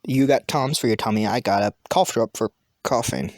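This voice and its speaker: A woman voicing a low, deadpan explainer in an improvised comedy sketch, mumbling flat explanations. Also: normal speed, no echo, studio quality. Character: deadpan low-voiced explainer who is talking objects.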